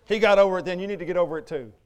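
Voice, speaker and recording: Male pastor, middle-aged, emphatic sermon, rhetorical questions, smooth clear voice, slightly high. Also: very fast.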